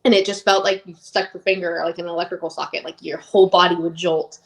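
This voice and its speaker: A woman's voice: lowish voice, flat delivery, fast. A woman in her thirties telling her personal story as an interview guest, rambling and emotionally open with lots of "like".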